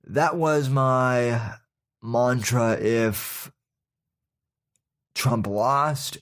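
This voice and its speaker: A man hosting his podcast, giving casual opinion commentary in a folksy, sarcastic way and calling his listeners folks, with many fillers and restarts. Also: lowish voice. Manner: halting, with frequent fillers and restarts. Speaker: podcast host.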